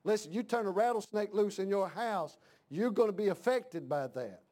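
A middle-aged man preaches in a church with a high, ringing voice. He hammers his points home by repeating lines and climbing into shouts, a pastor in full fire. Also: animated, normal speed. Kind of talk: fiery sermon.

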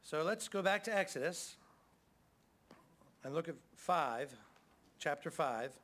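A man's voice: on the high side, lively intonation, slow, fairly bright tone. A middle-aged man preaching a sermon as pastor, in a folksy, conversational way with frequent calls of amen.

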